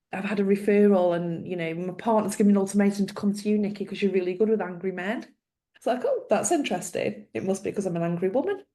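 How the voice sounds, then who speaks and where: A middle-aged woman tells a story with a gravelly, mellow voice. She slips into the people she quotes as she goes. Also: mid-range voice. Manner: animated storyteller, acts out quoted dialogue. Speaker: guest, former social worker. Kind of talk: storytelling in a conversation.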